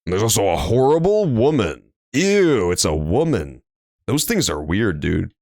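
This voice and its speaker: A man's voice: sits low, big pitch swings, normal speed, creaky, darkish tone, dry recording. Crude jokey male streamer. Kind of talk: casual let's-play commentary. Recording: dry room with faint game music.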